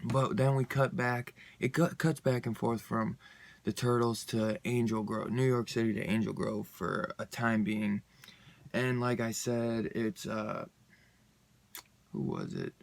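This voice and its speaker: Gravelly-voiced casual young man. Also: medium pitch, a little slow, no room sound. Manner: rambling and loose, laughs often, many fillers. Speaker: comic book reviewer. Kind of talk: casual spoken review.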